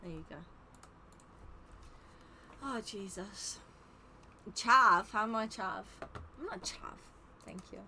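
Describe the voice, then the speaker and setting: A woman's voice: medium pitch, slow pace, long pauses, noisy background. Teasing English woman streaming games. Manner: teasing, laughs often, reads chat aloud. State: tired. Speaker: streamer running custom game lobbies. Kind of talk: casual live-stream chat.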